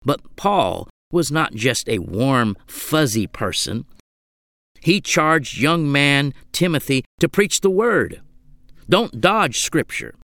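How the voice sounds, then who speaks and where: Male preacher, sermon, slow deliberate pace, parallel emphatic phrases, dry close sound. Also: medium pitch, expressive, fairly bright tone, dry recording.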